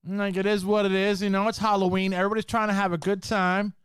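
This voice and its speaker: A man's voice: sits high, little pitch movement, fast talker, a bit bright, smooth, no room sound, studio quality. A man hosting a podcast, telling a spooky story from work in a casual, slangy way, full of swearing and "bro". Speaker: podcast host.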